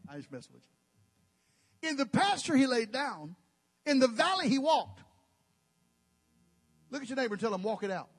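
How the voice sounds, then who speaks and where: A man's voice: extremely high pitch, very animated, moderate pace, pauses often, long reverb tail. A male pastor, preaching emphatically with folksy, joking asides. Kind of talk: sermon.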